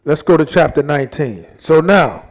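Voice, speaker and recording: A man's voice: fairly high pitch, animated, normal speed. A man leading a Bible study in a casual, slangy, laid-back way, retelling scripture in everyday talk.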